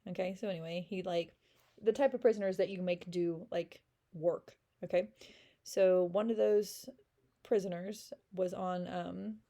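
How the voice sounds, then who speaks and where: Casual teacher, woman, gravelly and warm, chatty with lots of fillers. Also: on the low side. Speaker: French teacher. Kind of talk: casual read-aloud lesson, reading and explaining a French novel.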